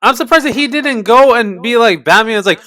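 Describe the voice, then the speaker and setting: A woman's voice: on the high side, lively intonation, a little fast, fairly bright tone. A woman hosting a casual movie reaction, joking and exclaiming as she watches. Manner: playful, jokey, exclamatory. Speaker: reaction video host.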